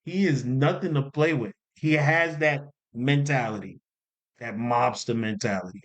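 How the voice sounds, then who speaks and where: A man talking casually to camera as a commentary host, animated and repeating points for emphasis. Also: medium pitch, a little slow. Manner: animated, repeats himself for emphasis, jokey asides. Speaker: commentary YouTuber.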